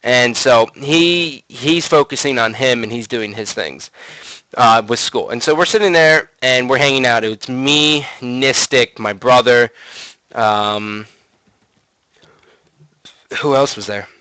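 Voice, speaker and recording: A man in his twenties hosts a casual gaming podcast and tells a long, rambling story from memory. His voice is bright and forward. He swears freely and leans on fillers as he talks. The sound is dry and close, with no room around it. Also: medium pitch, slow pace, clean tone, dry recording, rough recording. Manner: profane, rambling, animated storytelling with many fillers. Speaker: gaming commentator podcast host.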